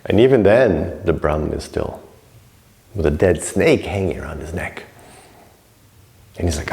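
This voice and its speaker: A man's voice: low-pitched, big pitch swings, moderate pace, mellow. A man teaching a recorded class on yoga scripture in a loose, conversational way, acting out stories as he goes. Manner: loose and conversational, acts out stories, many "you know"s. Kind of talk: informal recorded class lecture.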